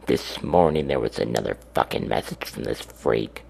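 A man's voice: extremely low pitch, normal speed, creaky, darkish tone, husky. A man hosting a radio show in a crude, sassy drag persona, drawling and foul-mouthed.

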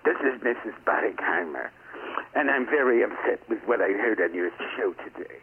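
A man's voice: fairly low pitch, lively intonation, normal speed, slightly rough, phone-quality sound, exaggerated voice. A man voicing an indignant elderly woman who leaves an angry, complaining voicemail over the phone. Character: outraged elderly woman caller. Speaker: voicemail caller.

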